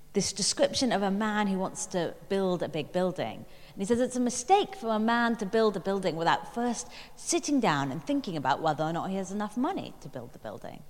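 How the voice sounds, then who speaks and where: Woman, sermon, reflective storytelling, pauses and fillers, mid pitch, long reverb. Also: sing-song, a little mellow. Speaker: preacher.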